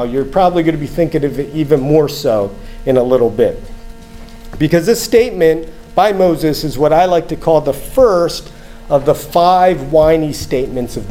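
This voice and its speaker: A man's voice: on the high side, dark tone, low-quality recording. A man giving a conversational sermon, reading scripture aloud and explaining it, often checking in with the listeners. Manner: conversational, asks "right?" often, acts out inner thoughts. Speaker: preacher.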